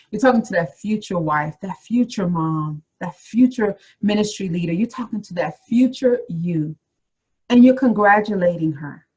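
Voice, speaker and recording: A woman's voice: medium pitch, husky, low-quality recording. A woman career coach giving a motivational webinar talk, encouraging and addressing her listeners directly with repeated phrases.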